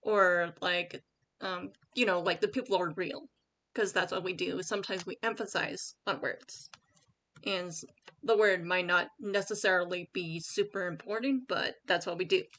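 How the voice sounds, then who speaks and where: Speaking at a moderate pace in a lowish, steady, fairly bright voice, a woman runs a casual screen-share tutorial on her own channel about writing. She meanders, restarting often and using plenty of fillers, and reads a sample paragraph of her own aloud.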